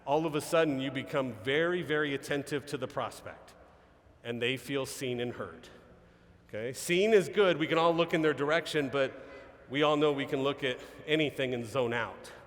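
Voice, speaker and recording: A man giving an energetic live seminar talk as a sales trainer, peppering his points with "okay?" and "right?". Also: mid-range voice, normal speed. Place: large event hall. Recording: reverberant event hall.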